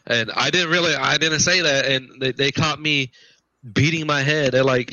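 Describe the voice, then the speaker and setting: A man's voice: a little high, steady tone, normal speed, sharp tone, no echo. A man telling his paranormal investigation stories in a casual, rambling way, often repeating himself. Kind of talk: casual podcast storytelling. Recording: dull lo-fi podcast audio.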